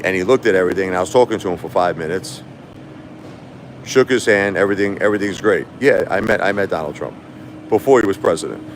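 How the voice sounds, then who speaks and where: A man's voice: sits low, a little hiss or hum. A man hosting a casual livestream, telling a long story in a rambling, repetitive way. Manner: rambling, repetitive, animated when quoting others. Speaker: livestream host.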